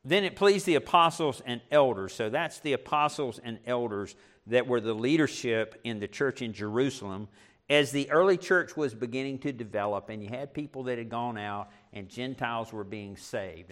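A middle-aged male pastor preaching a sermon, animated, with self-deprecating asides. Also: mid-range voice, moderate pace.

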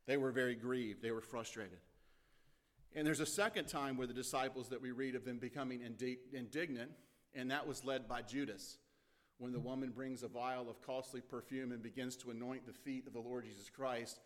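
A man in the middle of a sermon, speaking at an ordinary pitch for a man. He talks to the congregation casually and now and then slips into the voices of the people in his story. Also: steady tone, normal speed. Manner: conversational preaching with acted-out quotes and repeated phrases. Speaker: pastor. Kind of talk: expository sermon.

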